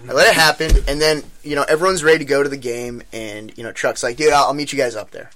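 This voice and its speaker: A man's voice: medium pitch, quick pace, slight background noise. A young adult man telling a long, profane anecdote in casual chat with friends, acting out the other people's lines. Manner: animated, profane, acts out voices. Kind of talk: casual storytelling among friends.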